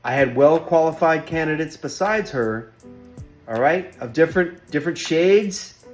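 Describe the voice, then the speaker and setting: A man's voice: on the high side, animated, a little slow, faint music behind. A man hosting his own vlog in an earnest, emphatic monologue, repeating himself and pleading with listeners. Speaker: vlogger hosting a workplace show.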